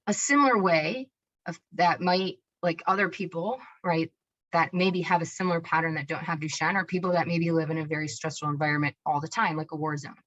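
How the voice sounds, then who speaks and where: A woman clinician explaining a concept in an energetic webinar talk, often checking in with "right?" and restarting her sentences. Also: sits low, highs cut off. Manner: energetic, self-described hyperactive, many tag questions and restarts.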